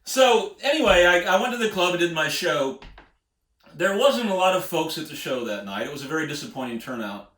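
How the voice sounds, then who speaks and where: American man, folksy storyteller, rambling, chuckling, fairly high bright voice, roomy echo. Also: expressive, a little fast. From United States. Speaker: singer-songwriter telling road stories. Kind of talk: casual spoken storytelling. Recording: echoey room.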